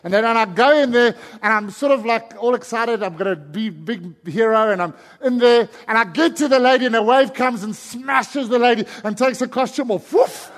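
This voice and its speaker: A middle-aged man preaching a sermon, telling a story with animated energy and shouting in its excited stretches. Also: very high-pitched, moderate pace, few pauses. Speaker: pastor. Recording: long hall reverb.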